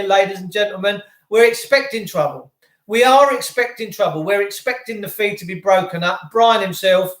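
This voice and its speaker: A man hosting a live stream from home, talking to viewers in an excitable, effusive, rambling way. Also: sits high, roomy sound. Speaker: channel host. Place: indoors at home.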